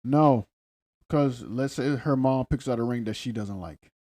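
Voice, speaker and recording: A man's voice: mid-range voice, unhurried, dark tone. A man with a mid-range voice co-hosts a casual podcast. He talks in a laid-back way but argues his points. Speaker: podcast co-host. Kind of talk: casual chat recapping reality TV.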